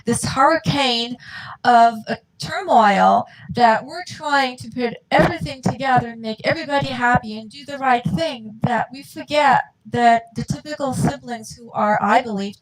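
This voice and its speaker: Gravelly-voiced mother telling a heartfelt story. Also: fairly high pitch, moderate pace, few pauses, noisy background. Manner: earnest, heartfelt, acts out quoted dialogue. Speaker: guest, mother of a dyslexic child. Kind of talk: emotional personal storytelling.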